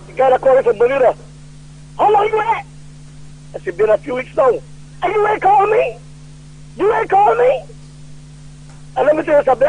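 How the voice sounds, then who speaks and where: A man calling in to a radio talk show, ranting loudly about politics and retelling old conversations. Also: very high voice, slightly rough. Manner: loud and heated, retelling quoted conversations. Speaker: radio call-in caller. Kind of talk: political rant on a call-in show. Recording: tinny phone line.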